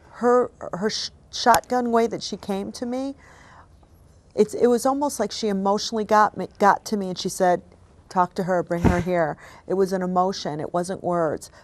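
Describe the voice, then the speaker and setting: Gentle, emotional woman medium. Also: medium pitch, moderate pace, a little hiss or hum. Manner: gentle, apologetic and emotional, often dropping to a soft hush. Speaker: psychic medium host. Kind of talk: giving a reading to a guest.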